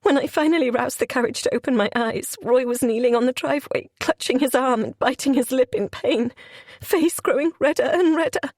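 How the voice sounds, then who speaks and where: A woman's voice: high-pitched, a little fast, a little mellow, no echo. A woman reading a first-person audiobook in an emotional, confessional way, close to a studio mic. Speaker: audiobook narrator.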